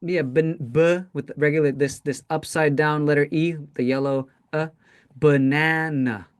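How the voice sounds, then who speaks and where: A man's voice: a little high, steady tone, normal speed, clear, resonant tone. A man teaching an English pronunciation class, explaining patiently and checking in often with "right?".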